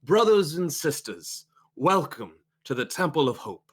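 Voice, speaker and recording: A man voicing a slick, charismatic male cult preacher, speaking in a grand, slow, oratorical way during a tabletop role-play. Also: a little high, very animated, breathy edge, pitched above the performer's own voice, full character voice. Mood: preaching.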